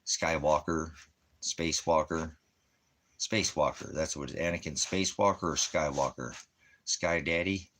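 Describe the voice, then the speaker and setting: A man's voice: extremely low pitch, fairly even intonation, moderate pace, a bit bright, slight background noise. A man hosting a ministry show, delivering a ranting religious commentary in a mocking, sarcastic way, chuckling between jabs. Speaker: ministry host.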